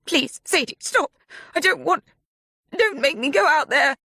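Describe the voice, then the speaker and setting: A terrified older woman's voice, high and strained as she begs to be released, put on by a woman narrating an audiobook. The voice is pushed well above the narrator's own and sounds pinched with fear. The sound is dry and close. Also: lively intonation, unhurried, pushed and bright, no room sound, exaggerated voice. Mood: pleading, frightened. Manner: tearful pleading. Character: frightened older woman, pleading.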